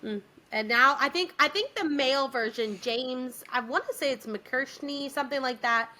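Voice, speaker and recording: A young adult woman chatting casually on a podcast, her voice bright and forceful. She retells scenes in an animated, giggly way. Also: high voice, moderate pace. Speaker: podcast co-host. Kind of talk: casual chat.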